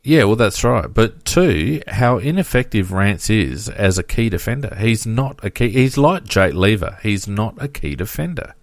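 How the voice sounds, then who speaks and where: A man's voice: on the low side, animated, moderate pace, few pauses, no room sound. A man co-hosting a casual football podcast, reading out stats with frequent fillers. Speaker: podcast co-host.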